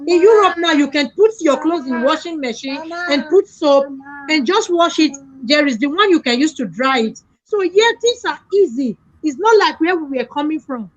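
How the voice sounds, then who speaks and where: A woman's voice: high-pitched, expressive, normal speed. A woman hosting a casual live-stream chat, thanking callers and reading out viewer comments. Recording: dull lo-fi stream audio with faint noise.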